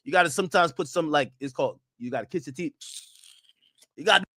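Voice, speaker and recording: A man's voice: on the high side, fast, fairly bright tone, no room sound, studio quality. A young man streaming casual reaction commentary in a slangy, joking way.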